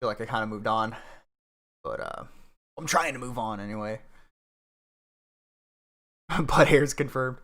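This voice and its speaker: A man's voice: mid-range voice, a little slow, long pauses, fairly bright tone. A man hosting a livestream, ranting angrily and crudely at the news with rhetorical questions. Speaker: livestream host. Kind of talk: profane political commentary stream.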